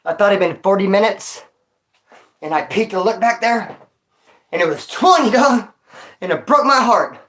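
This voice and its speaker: A man's voice: sits high, animated, normal speed, long pauses, a bit bright. A man telling stories on a casual vlog into his phone, winded after exercise, talking street slang and calling the listener dog and homie. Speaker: vlogger.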